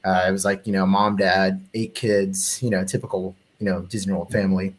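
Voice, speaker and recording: A man's voice: low-pitched, brisk. A man telling a story in casual podcast chat, swearing freely and acting out what people said. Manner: animated profane storyteller, acts out quotes. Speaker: panelist.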